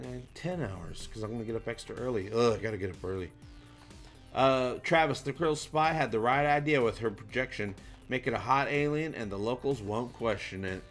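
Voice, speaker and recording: Livestream host, male, mid-pitched, jokey and animated, faint music underneath. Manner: animated, jokey, shout-outs to viewers. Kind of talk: casual livestream chat reading comments.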